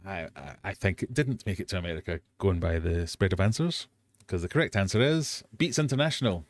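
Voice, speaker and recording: A fairly low-pitched English man hosting a casual live quiz. He chats easily, mocks himself and wanders off on tangents before reading the next question. The sound is close and dry. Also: lively intonation, brisk, dry recording. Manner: chatty, self-mocking, easily sidetracked, bursts into silly sung bits. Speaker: host of a live quiz hangout.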